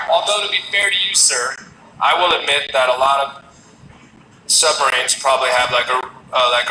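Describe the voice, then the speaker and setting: A man performing a stand-up comedy set, with a wry, rambling delivery broken by sudden shouted bursts. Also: fairly high pitch, echoey room, recorded from a distance, background noise.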